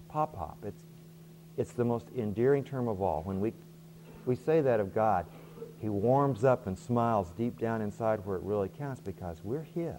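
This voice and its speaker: A middle-aged man preaching with a mellow, relaxed tone. He is earnest and often doubles a word before going on. A faint hum sits under his voice. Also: fairly low pitch. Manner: earnest, repeats words at starts of phrases. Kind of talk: sermon.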